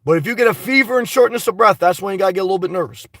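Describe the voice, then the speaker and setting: Guy going live, loud and blunt, swears a lot, kinda high voice, dry close sound. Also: rapid-fire, dry recording. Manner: boisterous, blunt and profane. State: slightly congested. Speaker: vlogger reading live chat. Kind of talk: casual live-stream chat.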